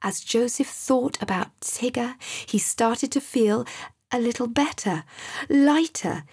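A woman reading a children's story aloud, slow and soft, sometimes near a whisper. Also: a little high, breathy edge, no room sound, clean studio sound. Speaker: narrator.

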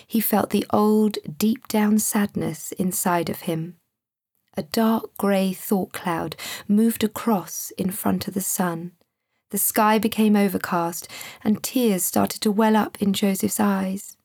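A woman reading a children's story aloud in a calm, measured way. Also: mid-range voice, creaky, breathy edge, no echo, studio quality. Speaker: storybook reader. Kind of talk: scripted children's story narration.

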